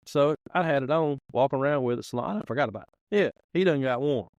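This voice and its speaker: A man's voice: medium pitch, fast, dry recording, dull audio. A man, hosting a podcast and telling rambling, folksy stories in casual chat. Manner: folksy rambling storyteller, acts out quoted voices. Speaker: podcast host. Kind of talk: casual storytelling.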